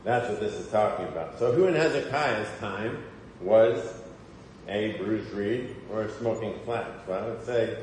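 In an echoey church hall with faint ambience, a man delivers a sermon in a lowish, somewhat slow, mellow voice. He speaks conversationally and poses questions to the congregation, with a little hiss or hum on the recording.

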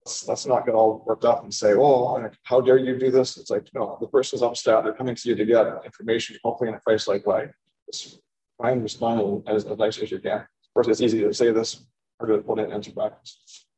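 Guy preaching a chill bible sermon, warm mellow voice, kinda stumbles and repeats words. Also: on the low side, flat delivery, fairly quick, low-quality recording. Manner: conversational, often repeats words while searching.

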